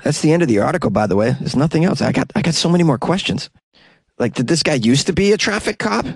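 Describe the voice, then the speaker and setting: A man's voice: a little high, expressive, quick pace, vocal fry, husky, no echo. A man with a New England accent hosting a comedy news podcast, joking and rambling with frequent laughs. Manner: jokey, rambling, laughs often.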